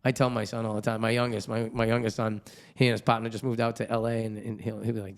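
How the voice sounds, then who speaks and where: A man's voice: on the low side, quick pace. A middle-aged man hosting a podcast, chatting casually, swearing and joking. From New England. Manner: swearing, joking, animated impressions of others. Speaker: podcast host. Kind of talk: casual chat.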